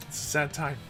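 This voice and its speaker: A man hosting a game playthrough, chatting playfully and joking along. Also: pushed and bright. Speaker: gaming channel host. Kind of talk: let's play commentary. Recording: faint game music behind. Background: game music.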